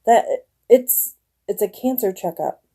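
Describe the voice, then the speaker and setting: A woman's voice: mid-range voice, animated, a little slow, dark tone. A woman in her forties from northern Michigan, chatting with live viewers at home in a rambling way, often laughing. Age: 40s. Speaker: live-stream host. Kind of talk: casual chat with viewers.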